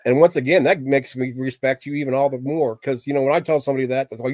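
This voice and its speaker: A middle-aged man at a medium pitch chats casually with his livestream viewers. He rambles in a plain-spoken, candid way, full of fillers. The recording sounds dry and close, with no room echo. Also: fairly even intonation, a little fast, hardly any pauses, a little mellow. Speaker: livestream host chatting with viewers.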